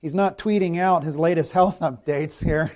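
Guy pastor preaching, asks the congregation questions, reads verses slow, voice a bit on the high side. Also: darkish tone. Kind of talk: sermon.

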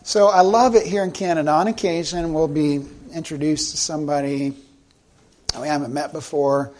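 A middle-aged pastor from South Carolina preaches a sermon in a conversational, storytelling way, slowing down for emphasis. His voice is on the high side, steady and a little mellow.

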